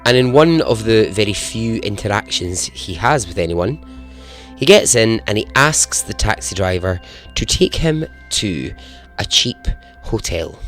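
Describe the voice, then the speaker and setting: A man's voice: fairly low pitch, lively intonation, a little slow, a bit bright, soft background music. A man hosting a podcast, telling a true story in a chatty, self-deprecating way and chuckling at his own jokes. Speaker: podcast host. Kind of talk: casual storytelling narration.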